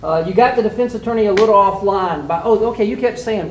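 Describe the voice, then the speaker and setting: This clip has a quick-paced man with a fairly high voice giving students spoken feedback like a mock trial judge, folksy and plainspoken, with many "uh"s and "um"s. The mic sits far from him in an echoey, roomy space, and a faint room hiss runs underneath.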